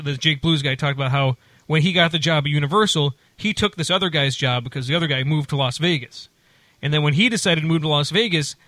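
A man's voice: a little high, sharp tone, dry recording. A man casually telling a long, rambling story, with many restarts and acted-out quotes of other people.

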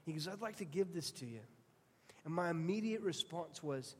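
A man's voice: fairly high pitch, animated, moderate pace. A male pastor preaching a sermon, earnest and storytelling, often restarting his phrases. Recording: long hall reverb.

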